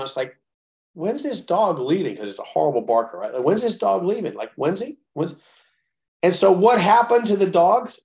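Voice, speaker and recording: A man coaching chiropractors in a blunt, profane, animated way, telling stories. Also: on the high side, creaky. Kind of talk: profane coaching talk on a call.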